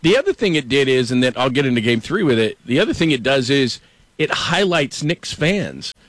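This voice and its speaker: A middle-aged man hosting a sports talk show, chatting casually and telling animated stories. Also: medium pitch, fairly quick, dry recording. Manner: storytelling, animated, quotes people.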